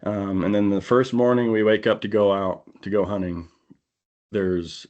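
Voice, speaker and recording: Podcast guy with a lowish voice spinning a story, animated, does little voices for people he quotes. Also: normal speed, lo-fi sound. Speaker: podcast co-host. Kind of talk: casual storytelling. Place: indoor podcast studio.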